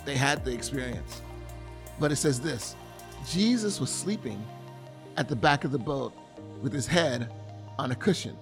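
A man's voice: medium pitch, lively intonation, measured pace, pauses often, music in the background. A man preaching a sermon, retelling a scripture story with earnest, vivid storytelling and acting out the scene. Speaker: pastor.

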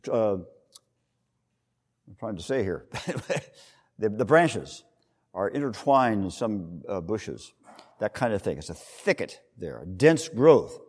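A male pastor with a slightly high voice preaches a sermon, teaching in an explanatory way. His delivery moves between emphatic rises and soft trailing drops, and the recording has a big-room sound.

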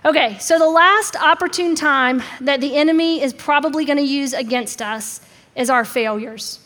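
A woman's voice: normal speed, a bit bright. A woman preaching a sermon in a conversational way, acting out the quotes she tells. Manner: conversational, acts out quotes with shifting pitch. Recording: long reverb of a large hall.

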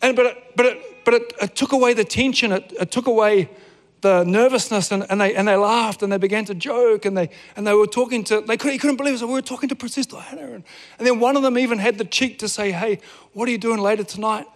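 A man preaching a sermon, telling a story with stammered restarts and drawn-out dramatic pauses. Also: very high-pitched, fairly even intonation, big-room sound. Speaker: pastor.

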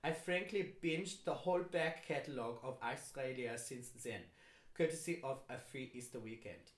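A man reading a fan's email aloud in a deliberately clumsy German accent. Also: medium pitch, reverberant, lightly acted. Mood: earnest. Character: male fan from Zurich, earnest and polite.

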